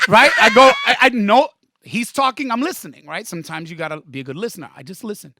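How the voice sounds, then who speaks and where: A man's voice: high voice, brisk, vocal fry, dry recording, studio quality. A man, a comedian guest on a podcast, telling stories animatedly and with profanity, acting out the quotes. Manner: profane, excited, acts out quotes. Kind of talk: animated storytelling in a podcast interview.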